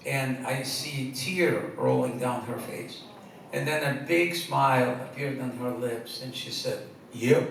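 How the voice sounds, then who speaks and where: A man's voice: mid-range voice, measured pace, gravelly. A man telling funny personal stories to a live audience, stumbling over restarts and laughing at his own punchlines. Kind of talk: humorous personal storytelling. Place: stage before a live audience. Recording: echoey hall, distant mic, loud noise.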